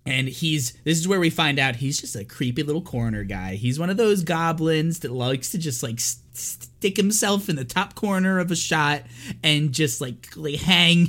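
Male podcast co-host, raised pitch, loose and animated movie recap with frequent swearing. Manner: animated, swears often, acts out quotes. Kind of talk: casual movie recap chat.

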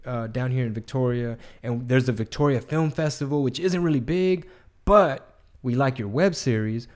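A man hosting a casual interview, asking follow-up questions and telling his own stories in an easygoing way. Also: medium pitch. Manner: relaxed storyteller, asks follow-up questions.

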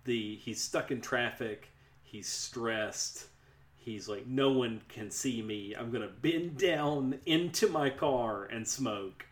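A man casually retelling a film's plot to a friend in a relaxed, dry way. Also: mid-range voice, slow. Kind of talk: casual movie review chat.

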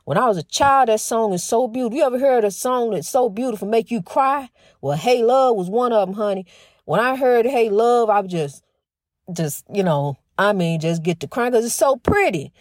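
Fast-talking woman host with a stutter. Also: a little high, expressive, dry recording, clean studio sound. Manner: fast talker with a slight stutter, restarts often; folksy and emphatic, says "honey" often. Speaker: host of a faith-based talk program. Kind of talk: casual spiritual monologue.

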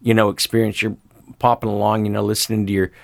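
A man's voice: fairly low pitch, flat delivery, fast, vocal fry, dry recording, clean studio sound. An older man chatting as a guest, telling rambling stories with lots of fillers. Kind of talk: casual conversation.

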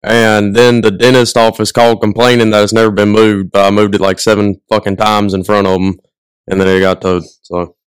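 Young man with a low, smooth voice. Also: flat delivery, no room sound. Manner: mumbled, halting explanation. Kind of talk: casual podcast chat.

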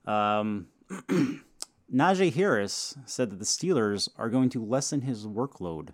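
A man's voice: mid-range voice, expressive, no room sound. A man co-hosting a casual football podcast, hesitant and prone to laughing, tired after an illness. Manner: unhurried, laughs often, hesitant. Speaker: podcast co-host. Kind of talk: casual sports chat.

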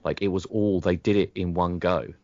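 A man's voice: deep voice, fairly even intonation, normal speed, darkish tone, dry recording. A British man chatting casually about a TV show as a podcast co-host, enthusiastic and often repeating words while he finds them. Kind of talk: casual chat reviewing a TV show. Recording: dry, dull lo-fi audio.

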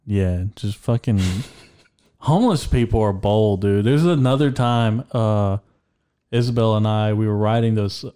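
A young man with a low, relaxed, mellow voice rambles through crude stories on a casual podcast. He swears constantly and strings his tales together with filler words. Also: a little slow, smooth. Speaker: podcast co-host. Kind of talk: casual chat.

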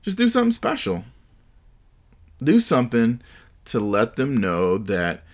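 A man's voice: medium pitch, wildly swooping pitch, a little slow, pauses often. A man hosting his own solo podcast, chatting casually in a joking, rambling way. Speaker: podcast host.

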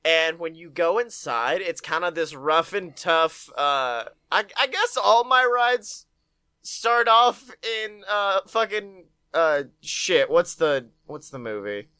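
A man with a bright, crisp voice riffing in casual comedic chat. He rambles and laughs often, and the dry close mic keeps every word up front. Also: high voice, lively intonation, takes it slowly, no room sound. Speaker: podcast co-host.

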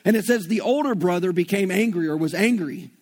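A man's voice: high-pitched, fairly quick, darkish tone. A man with a Southern US accent preaching an earnest, folksy sermon and retelling scripture in everyday slang. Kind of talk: conversational sermon.

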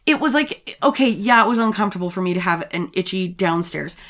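A woman co-hosting a podcast at a middle pitch. She chats loosely and crudely, dropping swear words. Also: lively intonation, fairly quick, a bit bright. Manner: crude, swearing, laughing banter. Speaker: podcast co-host. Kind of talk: casual podcast chat.

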